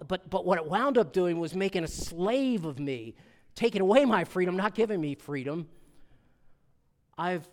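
Animated preaching man in a reverberant hall. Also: on the high side. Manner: animated preaching, acts out voices of people he quotes. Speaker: pastor. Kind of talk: sermon.

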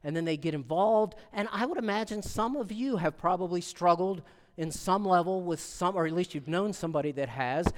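A middle-aged male pastor preaching a sermon in an animated way, acting out the people he quotes. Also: high-pitched, fairly quick, in a large hall.

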